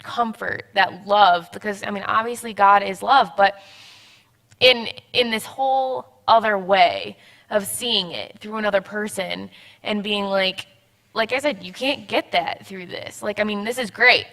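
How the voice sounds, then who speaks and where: Bright-voiced young woman, rambling and laughing. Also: mid-range voice. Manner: rambling, halting, laughs often. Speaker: church member guest. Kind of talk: casual chat.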